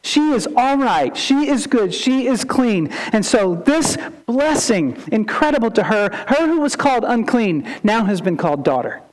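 High-voiced man preaching a sermon. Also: normal speed, hardly any pauses, rough recording. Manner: animated, acts out quotes, rhetorical questions. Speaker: pastor.

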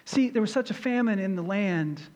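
A middle-aged man preaching a sermon as pastor, earnest and storytelling, rising in pitch and volume for emphasis. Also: animated, a little fast, a little mellow, long reverb tail, dull audio.

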